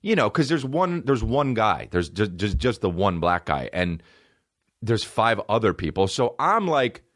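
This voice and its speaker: A man's voice: lowish voice, sing-song, a little slow, a bit bright. A man in his thirties hosting a podcast, telling a long comedic story with lots of swearing and acting out quoted people in different voices. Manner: rambling, profane, acts out quoted people in shifting voices. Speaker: podcast host.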